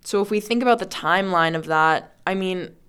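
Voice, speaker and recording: A young woman co-hosts a casual podcast, walking through a true-crime case. Her voice sits on the low side and sounds smooth and clear. She riffs with her co-host and laughs often. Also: fairly quick, fairly bright tone. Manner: laughs often, jokey riffing. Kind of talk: casual chat.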